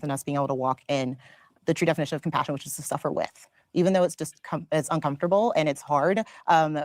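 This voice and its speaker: A woman's voice: deep voice, fairly even intonation, fast, a little mellow, no room sound, clean studio sound. Heartfelt woman speaking of compassion. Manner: heartfelt, conciliatory. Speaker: debate panelist. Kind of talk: closing statement in a panel debate.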